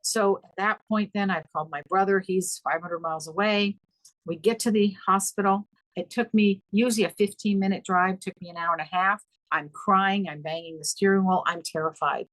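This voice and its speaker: A woman's voice: no room sound, rough recording. A middle-aged woman telling a personal story in a podcast interview, acting out the dialogue with sudden jumps in her voice. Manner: animated, acts out quoted dialogue with pitch leaps. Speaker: podcast guest. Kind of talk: emotional storytelling in conversation.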